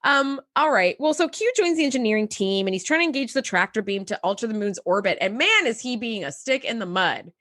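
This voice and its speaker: A woman co-hosting a podcast in casual chat, animated and nerdy, swearing casually. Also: fairly high pitch, fast talker, hardly any pauses. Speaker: podcast co-host.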